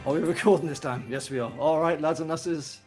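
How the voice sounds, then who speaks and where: A man's voice: on the high side, brisk, over music. A man hosting a casual podcast, joking and swearing freely with plenty of fillers. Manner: chatty, joking, profane, many fillers. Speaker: podcast host.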